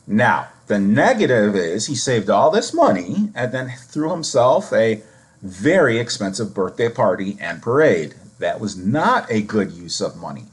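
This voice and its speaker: A man with a lowish voice hosts a podcast and talks through a book. He gives his opinions at length, stopping now and then to restart a word. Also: sing-song, measured pace. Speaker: podcast host. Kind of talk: commentary on a book.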